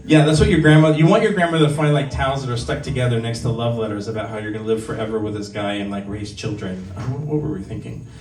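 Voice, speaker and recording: A man's voice: mid-range voice, quick pace, few pauses, a little mellow, a little hiss or hum. A man in his forties doing a stand-up set at a bar open mic, telling stories candidly and making fun of himself. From Southern California. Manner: candid, conversational, self-deprecating storytelling. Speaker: stand-up comedian. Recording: echoey room, distant mic, faint ambience.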